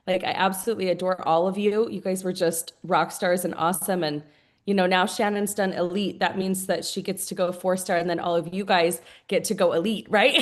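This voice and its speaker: A woman's voice: on the low side, fairly even intonation, a little fast. A woman leading a sales team, talking on a group video call in an effusive, chatty way, with many fillers and restarts. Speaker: team leader of a sales business.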